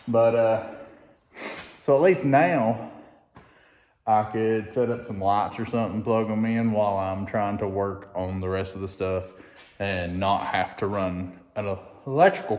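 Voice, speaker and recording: Excitable man in an echoey shop. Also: lowish voice. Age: 30s. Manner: excitable, folksy, drawling. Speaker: DIY vlogger. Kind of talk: casual vlog. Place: unfinished workshop building. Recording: echoey reverberant shop room.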